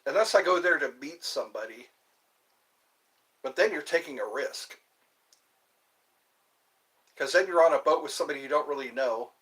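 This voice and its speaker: A man chatting alone on a livestream, rambling slowly from thought to thought with the odd laugh. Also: fairly high pitch, animated, fairly bright tone. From US East Coast. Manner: slow, meandering, talks to himself, laughs. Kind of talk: rambling solo livestream chat.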